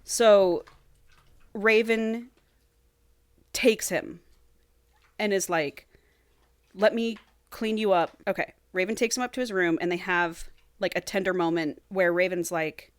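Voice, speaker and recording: A woman's voice: mid-range voice, measured pace, long pauses, dry recording. A woman co-hosting a casual podcast, retelling a novel dramatically and acting out the characters' lines with frequent laughs. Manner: dramatic, acts out character quotes, laughs often. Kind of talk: casual chat, animated story retelling.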